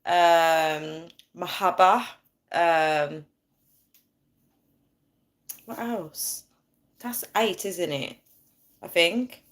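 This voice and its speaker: Woman, 30s, bubbly live-stream host on a phone, slightly low voice. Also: very slow, long pauses. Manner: chatty and bubbly, reads out viewer comments. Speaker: livestream host. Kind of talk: casual live-stream chat.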